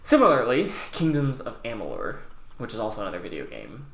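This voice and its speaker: A young man co-hosting a casual podcast, talking in an animated way, swearing and slipping into quick quoted voices. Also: lowish voice, creaky, reverberant. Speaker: podcast co-host. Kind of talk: casual chat.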